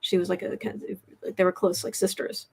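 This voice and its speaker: A woman's voice: fairly low pitch, flat delivery, moderate pace, gravelly, a little mellow, breathy edge. Chatty woman reading tarot on a livestream. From United States. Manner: chatty, trails off and restarts, reads chat aloud. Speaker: tarot reader livestream host.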